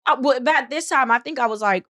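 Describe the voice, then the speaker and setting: A young adult woman co-hosting a casual chat, telling stories in an animated way, acting out quotes with big jumps in pitch and laughter. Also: quick pace, no room sound, studio quality. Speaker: podcast co-host.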